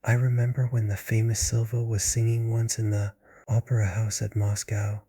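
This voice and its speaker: Male reader as a pompous old manager, breathy, flat, whispered role-play. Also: on the low side, moderate pace, no echo, clean studio sound.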